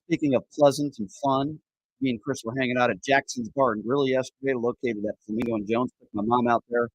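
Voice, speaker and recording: Man, radio host, animated storyteller, exasperated, dry close mic. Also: mid-range voice, a little fast, no echo. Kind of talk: casual talk radio chat.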